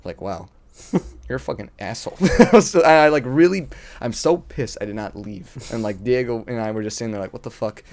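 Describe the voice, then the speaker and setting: Fast-talking young man telling a story. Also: lowish voice, a little mellow. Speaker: podcast co-host. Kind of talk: casual chat.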